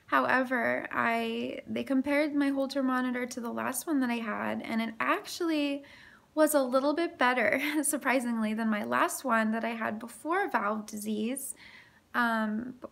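A young woman filming a casual health vlog, short of breath and talking haltingly with many ums and restarts. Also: fairly high pitch, vocal fry, fairly bright tone. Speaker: vlogger.

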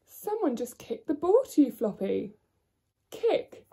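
A woman teacher giving a phonics lesson to young children, sounding out letters slowly and clearly in a sing-song way. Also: sits high, big pitch swings, mellow, recorded from a distance. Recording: echoey room, away from the mic.

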